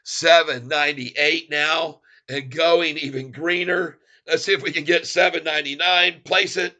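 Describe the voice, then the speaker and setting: Gleeful man calling stock prices live, bright. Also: a little high, measured pace. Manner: gleeful, excitable, chuckling at the market. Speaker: stock-trading streamer. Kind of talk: live stock-trading commentary.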